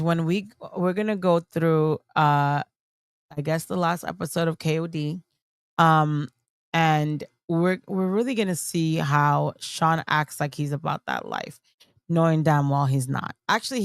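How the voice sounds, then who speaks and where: A woman's voice: sits low, creaky, no room sound, studio quality. A woman hosting a livestream, talking casually and emotionally, swearing often and rambling. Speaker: streamer host.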